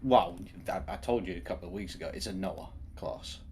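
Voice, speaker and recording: A man playing in a tabletop role-playing game, describing his character hesitantly with many pauses and corrections. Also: deep voice, a crowd in the background. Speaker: player. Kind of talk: casual game chat. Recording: music playing clearly behind the voice.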